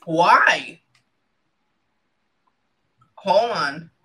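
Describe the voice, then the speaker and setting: Bright-voiced woman relaying messages as a medium. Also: lowish voice, lively intonation, very slow. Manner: breaks off often to listen, then relays quotes. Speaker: psychic medium. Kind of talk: reading session, relaying messages.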